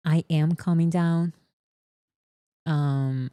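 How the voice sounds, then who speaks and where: A woman vlogger giving casual, exasperated commentary to her viewers, repeating herself for emphasis and then talking herself calm. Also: very slow, long pauses, no echo. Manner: talks herself calm with deep breaths.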